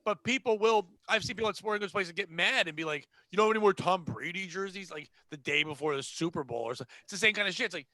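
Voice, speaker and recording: A man's voice: high-pitched, quick pace, hardly any pauses, sharp tone, dry recording. A man from Connecticut hosting a podcast, ranting about retail customers in a profane, exasperated way. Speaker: podcast host. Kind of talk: casual ranting chat.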